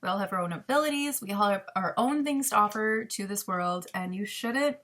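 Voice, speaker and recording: A young woman talks straight to her camera in a personal advice vlog. She speaks candidly and with open emotion, laughing softly and filling pauses with ums as she works out what to say. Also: medium pitch, animated. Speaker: vlogger.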